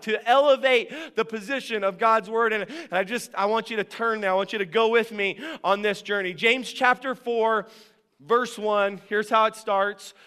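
A man preaching a sermon as a pastor in a church, conversational and animated, often asking the congregation questions. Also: sits high, clear, resonant tone, long reverb tail. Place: church sanctuary.

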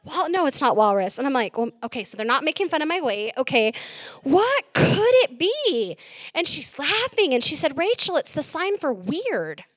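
A middle-aged woman preaching a sermon, telling a lively story and quoting herself with animated jumps in her voice. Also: high voice, fairly quick, few pauses, dry recording.

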